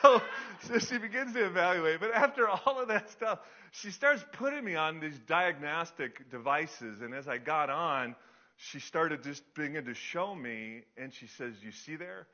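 Casting: middle-aged male pastor, bright, fairly high voice, rambling anecdotal sermon, dull lo-fi recording. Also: lively intonation, moderate pace. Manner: chatty, self-deprecating, many fillers. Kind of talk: storytelling sermon. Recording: dull lo-fi sound.

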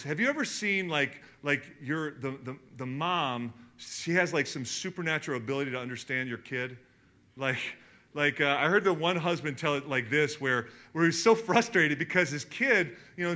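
A man preaching a sermon to his congregation, telling stories animatedly, with sudden jumps in loudness. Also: on the high side. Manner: animated storytelling, emphatic swings in loudness. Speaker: pastor. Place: church hall in front of a congregation.

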